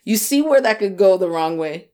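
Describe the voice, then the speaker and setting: A woman's voice: medium pitch, normal speed. A young woman co-hosting a podcast, chatting casually and acting out quoted voices, laughing often. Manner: animated, acts out quoted voices. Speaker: podcast co-host. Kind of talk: casual chat.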